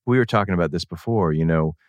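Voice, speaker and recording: A middle-aged man from New England, a guest musician, telling rambling, animated stories full of self-corrections. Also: low voice, fast talker, no room sound, clean studio sound. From New England, outside Boston. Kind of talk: casual interview talk.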